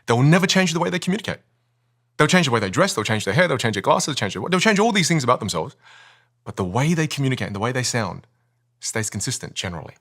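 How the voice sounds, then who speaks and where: A man talks as a voice coach on a podcast, and his pitch swoops up and down as he makes his points. He speaks with energy and stress on key words, and he keeps asking rhetorical questions. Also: big pitch swings, fast, a bit bright. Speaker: communication and voice coach, podcast guest. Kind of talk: animated explaining in a podcast interview.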